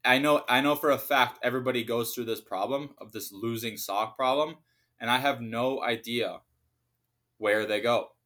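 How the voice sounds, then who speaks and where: A young man talks alone into his podcast mic, ranting loosely and swearing freely. His sarcasm runs through the whole talk, at an ordinary male pitch. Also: normal speed, bright, forceful tone. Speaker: podcast host. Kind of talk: casual solo podcast rant.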